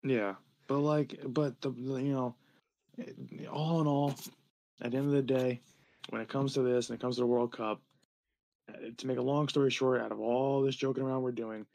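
A young man from New Jersey rambles through a casual podcast chat, full of fillers, restarts and laughter. He sits at an everyday middle pitch and jumps up high when he gets worked up. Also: steady tone, moderate pace, gravelly, darkish tone. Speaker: podcast co-host.

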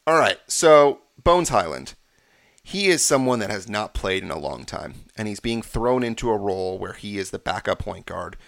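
A man's voice: fairly low pitch, very animated, normal speed, creaky, fairly bright tone, no echo, clean studio sound. A man hosting a sports podcast, confidently breaking down games and stats in casual talk. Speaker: podcast host.

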